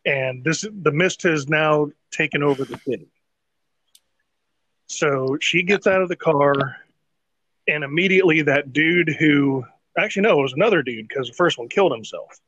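A man's voice: fairly high pitch, moderate pace, fairly bright tone, no echo. A man hosting a podcast, recapping a TV episode in casual, rambling, profane chat with laughs. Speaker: podcast host.

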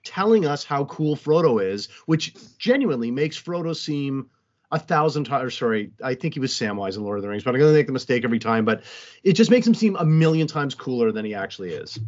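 A man's voice: mid-range voice, fairly quick. Man, podcast co-host, chatty movie recapper, a little muffled. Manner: animated, joking, recaps the plot. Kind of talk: casual movie review chat.

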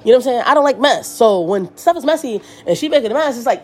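A woman in her thirties rants in a loose, rambling way, swearing often as she tells her story. She talks quickly, and her pitch swoops up and down. Her voice sits a little high for a woman. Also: a little hiss or hum. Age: 30s. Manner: animated, profane, rambling storytelling. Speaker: podcast host. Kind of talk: casual rant.

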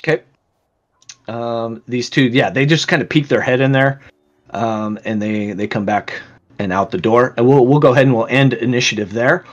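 A man's voice: mid-range voice, moderate pace, dull audio. A man narrating as game master of a tabletop game, loose and full of fillers.

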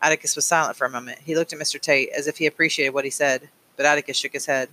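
Bright-voiced man reading a novel. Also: a little high, steady tone, racing, rough recording. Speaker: audiobook reader. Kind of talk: audiobook narration.

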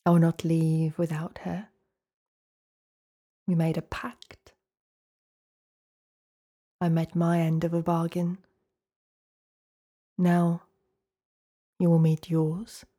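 Woman doing a storybook imp: small, sly male creature, low, slow, cold and insistent. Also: completely flat delivery, warm tone. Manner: slow, deliberate and coldly insistent. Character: sly little male imp holding a bargain.

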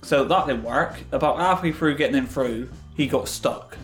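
A man's voice: medium pitch, moderate pace, fairly bright tone, roomy sound, faint music behind, low-quality recording. A British man co-hosting a podcast, telling a holiday story loosely with lots of fillers. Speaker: podcast co-host. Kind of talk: casual chat, storytelling.

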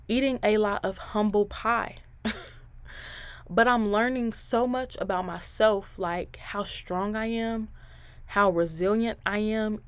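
A woman's voice: medium pitch, no echo. A woman in her twenties hosting a podcast, chatty and candid, talking straight to her listeners with faith-filled encouragement and laughing between thoughts. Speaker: podcast host. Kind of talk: casual podcast monologue.

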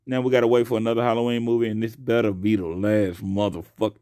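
A young man hosting his own podcast alone, talking casually and profanely into a close mic, swinging between loud outbursts and quiet asides. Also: on the low side, flat delivery, fast talker, no echo. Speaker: podcast host. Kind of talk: casual solo podcast rant.

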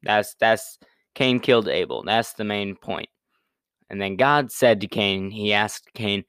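A man's voice: fairly low pitch, lively intonation, a little slow, fairly bright tone, clean tone, dry recording, clean studio sound. A young man casually retelling a Bible story in a laid-back, slangy way, full of fillers and restarts.

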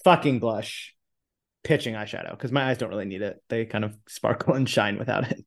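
A man's voice: lowish voice, brisk, gravelly. A man co-hosting a podcast, making wry remarks and reading book passages aloud. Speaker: podcast co-host. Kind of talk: casual comedic book discussion.

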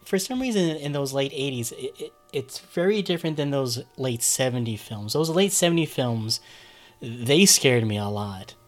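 A man's voice: medium pitch, lively intonation, moderate pace, faint music behind. A man in his forties co-hosting a casual movie chat, eager and tripping over his words as he restarts. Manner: enthusiastic, stumbling restarts.

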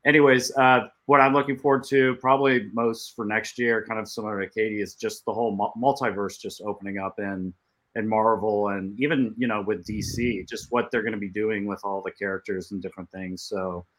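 A man's voice: lowish voice, fairly bright tone. A man chatting casually on a podcast, with loose phrasing and lots of fillers. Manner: loose, filler-heavy chat. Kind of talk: casual chat.

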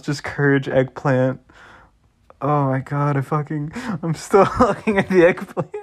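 A young man rambling to his viewers in an unhurried, drawn-out way. He keeps dissolving into giggles and peppers his talk with swearing. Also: on the high side, darkish tone. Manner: giggly, keeps breaking into laughter; swears freely. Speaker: vlogger. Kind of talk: casual rambling commentary.

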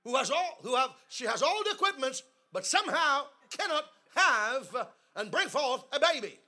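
A man preaching a sermon in a church service, telling humorous stories and leading the congregation in call-and-response that builds to shouting. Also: extremely high pitch, sing-song, normal speed. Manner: humorous storytelling asides. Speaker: guest preacher.

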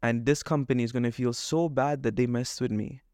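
Medium-pitched and fairly even in intonation, this podcast co-host talks a little fast with a darkish tone, clean and studio quality with no room sound. His casual rant about a bad purchase is agitated, and he performs the quoted exchanges back and forth.

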